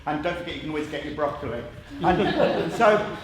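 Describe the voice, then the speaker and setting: A man leading an interactive drama workshop, coaxing participants and narrating a story in a lively way. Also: fairly high pitch, fairly quick, crowd noise. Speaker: workshop leader. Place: theatre stage with a group. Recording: echoey theatre with audience.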